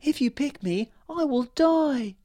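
A man's voice: expressive, slow, dark tone, dry recording, full character voice. Little flower fairy, pleading and thin-voiced, put on by a male narrator. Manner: high and pleading.

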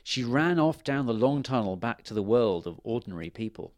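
A man reading fairy tales aloud to children in a lively, expressive way. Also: mid-range voice, fairly quick, no room sound, studio quality. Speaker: storyteller.

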